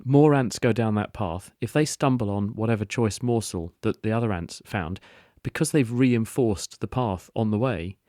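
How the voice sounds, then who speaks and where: A man's voice: lowish voice, moderate pace, hardly any pauses, warm tone, no echo, studio quality. A man on a radio phone-in answering listener questions, explaining science step by step with everyday analogies.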